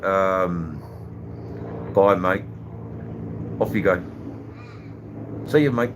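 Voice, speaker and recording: Australian man, very low bass voice, live-stream host, casual rambling chat, lots of fillers. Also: very slow, long pauses, noisy background. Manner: rambling, hesitant, full of fillers. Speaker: livestream host.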